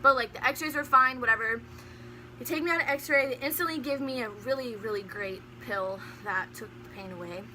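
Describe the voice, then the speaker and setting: Bright, high-voiced young woman storyteller. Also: moderate pace, a little hiss or hum. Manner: animated, laughing storyteller. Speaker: vlogger. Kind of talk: storytime vlog.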